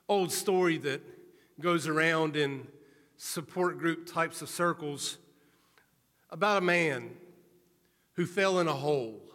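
A male preacher giving an earnest sermon, telling a story in a measured, storytelling manner. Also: on the high side, a bit bright. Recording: reverberant hall.

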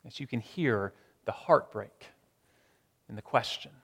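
Middle-aged male pastor, sermon delivery, dynamic swings from loud to near-whisper. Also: mid-range voice, vocal fry, breathy edge, long reverb tail. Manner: dramatic pauses, swings from loud to hushed.

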